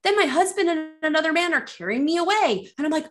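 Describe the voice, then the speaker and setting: A middle-aged woman talks as a guest on a faith podcast, a ministry leader recounting her experiences. She acts out her own past reactions in quoted bits, her voice leaping high when she replays surprise. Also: quick pace. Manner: animated storyteller acting out her own reactions with big pitch jumps. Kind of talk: casual faith podcast chat, storytelling.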